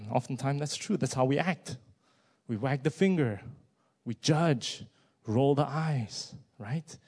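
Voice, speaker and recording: Male preacher, mid-pitched voice, sermon delivery with hushed lows and loud rising peaks. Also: takes it slowly. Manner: asks many rhetorical questions.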